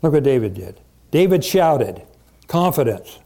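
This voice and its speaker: Animated pastor guy preaching, keeps asking "see?", mellow voice. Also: medium pitch, a little slow, pauses often. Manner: emphatic, repeats rhetorical questions. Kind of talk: sermon.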